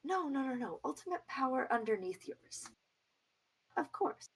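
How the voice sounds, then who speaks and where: A boastful, eager bard, played by a woman, bragging about his talents and hungry for power. His husky voice swoops high and low, and he trips over his words. The voicing is in a tabletop game. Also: big pitch swings, a little slow, heavily acted. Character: boastful hornless male tiefling bard, a villain's eager minion. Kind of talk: tabletop role-play voicing.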